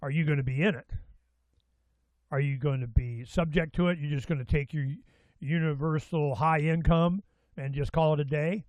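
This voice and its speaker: Excitable man rambling as show host, dry sound. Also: fairly high pitch, normal speed, no echo, highs cut off. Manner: rambling, excitable, many restarts and asides. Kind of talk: casual talk-show monologue.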